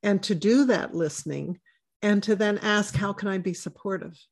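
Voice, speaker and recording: A woman hosting an interview, gentle and thoughtful, asking follow-up questions. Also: medium pitch, normal speed. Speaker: host, interviewer. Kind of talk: conversational interview.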